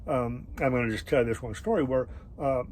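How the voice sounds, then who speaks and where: A middle-aged man casually telling a travel story, rambling and halting with many fillers and restarts. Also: mid-range voice, a little mellow, rough recording. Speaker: travel vlogger.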